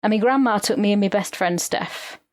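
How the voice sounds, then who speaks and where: A woman's voice: medium pitch, fairly quick, dry recording, studio quality. A woman co-hosting a podcast, rambling through anecdotes in casual chat. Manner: rambling, animated storytelling with mock impressions. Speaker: podcast co-host.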